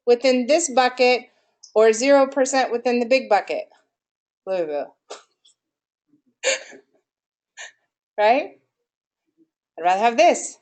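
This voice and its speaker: A woman giving a live marketing workshop in a room with an audience, quizzing listeners and asking them for answers as she goes. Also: mid-range voice. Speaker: marketing presenter.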